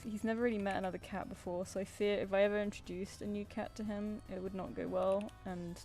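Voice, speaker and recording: A woman's voice: medium pitch, level tone, quick pace, creaky, a little mellow, faint music behind. A woman with a Southern English accent chatting casually while she draws on a stream, rambling and restarting her sentences. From England. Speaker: streamer and artist. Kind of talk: casual chat while drawing. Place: home flat with a cat.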